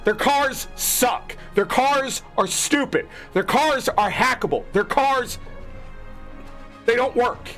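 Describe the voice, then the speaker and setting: A man's voice: slow, fairly bright tone, faint music behind. A man ranting angrily to viewers, swearing freely and mocking the people he disagrees with. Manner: angry, profane ranting; mocking quoted voices in lower tones. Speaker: gaming streamer. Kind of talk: ranting commentary.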